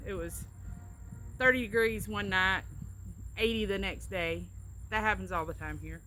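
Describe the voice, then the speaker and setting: A chatty middle-aged woman with a Southern Alabama drawl, talking casually and explaining words with small stories. Her voice is bright and forward, and faint background noise sits behind her. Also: mid-range voice, measured pace. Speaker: co-host, travel agent. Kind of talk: casual accent-tag chat.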